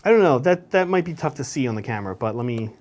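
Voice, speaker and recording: A man's voice: mid-range voice, expressive, fast talker, darkish tone. A man co-hosting a hobby show, chatting casually and explaining each step as he paints miniatures. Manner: chatty, explains steps as he works.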